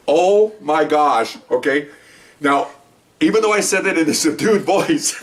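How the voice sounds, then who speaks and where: A man's voice: fairly high pitch, a little slow, distant mic. A man, a former police officer, casually telling a long rambling story and acting out the voices of the people in it. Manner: rambling, animated storytelling with acted-out quotes and laughter.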